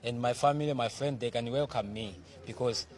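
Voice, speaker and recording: A man interviewed about going home, speaking earnestly and quietly in simple phrases. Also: medium pitch, fairly quick. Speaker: migrant interviewee. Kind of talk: street interview.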